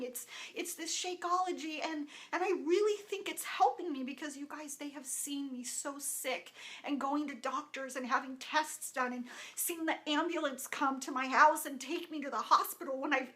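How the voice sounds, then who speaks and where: A woman in her thirties sharing a personal testimonial, emotional and animated, acting out quoted dialogue with many restarts. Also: sits high. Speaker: wellness vlogger.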